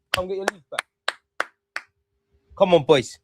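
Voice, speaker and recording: A young man giving excitable live commentary on a match, calling out to players and the referee and swearing. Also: sits high, measured pace, background noise. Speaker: football fan streamer.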